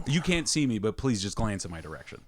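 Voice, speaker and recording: A man's voice: fairly low pitch, sing-song, fast, a little hiss or hum. A man co-hosting a casual chat, cracking dry one-liners. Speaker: podcast co-host. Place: apartment.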